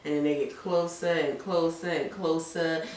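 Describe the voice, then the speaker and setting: A woman's voice: deep voice, normal speed, distant mic, heavy background noise. A woman recaps a TV episode in loose, profane chat and acts out the characters' lines as she goes. Her voice sits a little back from the mic. A roomy echo hangs around her. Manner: animated, swears freely, acts out lines from the episode. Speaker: podcast co-host recapping a TV episode.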